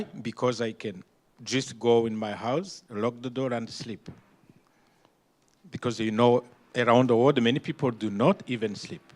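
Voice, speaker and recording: A man from Rwanda speaks as a panelist, his Rwandan accent colouring every phrase. His delivery is emphatic and halting, built around pointed rhetorical questions, in a voice of ordinary middle pitch. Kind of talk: impassioned panel remarks.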